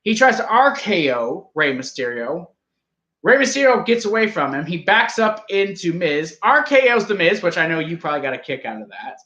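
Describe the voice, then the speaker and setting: A man's voice: sits high, sing-song, normal speed, sharp tone, roomy sound. A man co-hosting a casual wrestling review show, talking loosely and swearing offhandedly. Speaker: podcast co-host.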